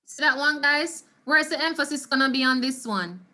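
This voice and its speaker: A Jamaican woman leads an online Spanish lesson through her computer mic, patiently sounding words out again and again for her students. Her voice sits a little high and comes across bright and crisp. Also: moderate pace. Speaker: Spanish teacher. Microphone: computer mic on a video call.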